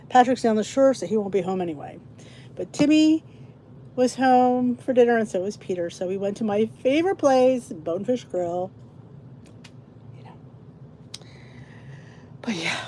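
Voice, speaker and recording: A woman's voice: on the high side, darkish tone. A middle-aged woman hosting a casual livestream, chatting in a rambling, tired-sounding way to her viewers. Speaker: livestream host. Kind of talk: casual chat to a live audience.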